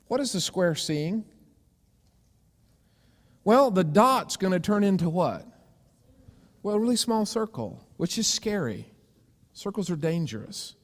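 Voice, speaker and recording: Animated preacher in a reverberant church. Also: male voice, high-pitched. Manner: animated storytelling, acting out voices for shapes. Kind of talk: sermon. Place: church sanctuary.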